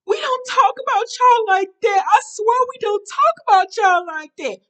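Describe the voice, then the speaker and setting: A woman putting on a mocking voice of a tearful, pleading white woman, whiny and high. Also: expressive, normal speed, sharp tone, exaggerated voice.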